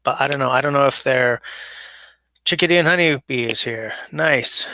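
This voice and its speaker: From a basement, a livestreamer chats loosely and reads out what viewers write. The recording is dry and comes through a smaller mic than his normal one, and his mid-range voice moves at a moderate pace with a sharp tone.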